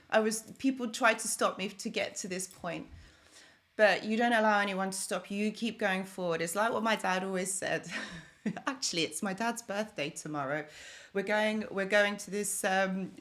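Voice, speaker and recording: A woman's voice: medium pitch, fairly bright tone. A young woman chatting on a live stream, thanking viewers by name as she talks. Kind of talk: casual live stream chat.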